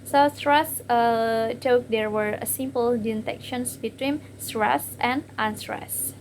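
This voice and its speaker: A young woman with an Indonesian accent presents a class topic from her slides, her voice sitting a little high. She reads haltingly, often pausing on fillers and saying words twice. A faint hiss of noise runs under the recording. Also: steady tone, poor audio. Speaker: student presenter.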